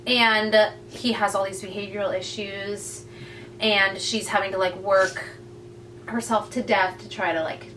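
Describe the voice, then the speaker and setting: A woman's voice: mid-range voice, unhurried, distant mic, slight background noise, low-quality recording. A woman co-hosting a podcast, casually retelling a book's plot and acting out the characters' lines. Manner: animated storyteller, acts out characters' lines. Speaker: podcast co-host.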